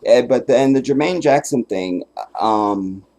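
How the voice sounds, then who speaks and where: A man hosting a casual solo livestream, telling stories with animated, profane energy, often breaking into laughter and sometimes making emphatic declarations. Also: mid-range voice, unhurried. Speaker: livestream host.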